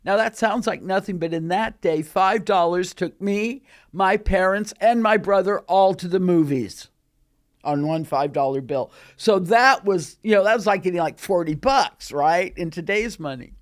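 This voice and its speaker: A woman in her eighties telling stories about her early years in an animated, casual way in a studio. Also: on the low side, moderate pace. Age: 80s. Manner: animated, acts out quoted voices. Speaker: guest recalling her career. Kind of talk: casual storytelling. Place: recording studio.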